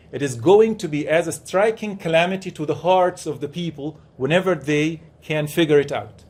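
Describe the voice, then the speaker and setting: A man's voice: a little high, a little mellow. A man, a professor giving a classroom lecture who explains by asking the class questions and repeating key words. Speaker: professor teaching Quran commentary. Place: classroom with students.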